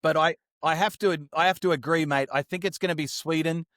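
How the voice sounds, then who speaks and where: Talking through this week's games with upbeat slang, a male sports podcast co-host speaks fairly quickly in a higher register. His tone is steady and fairly bright, captured in a dry, clean studio recording.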